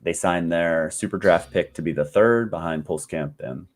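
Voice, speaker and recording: Low-voiced man, easygoing podcast guest. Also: normal speed. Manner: easygoing, with frequent "uh" fillers. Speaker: podcast guest, league expert. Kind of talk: casual chat.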